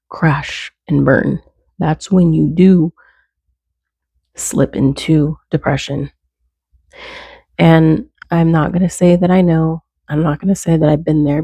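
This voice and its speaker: A woman's voice: low voice, gravelly, dark tone, husky, dry recording. A woman giving earnest, conversational faith encouragement, stacking short repeated phrases. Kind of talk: casual faith talk to camera.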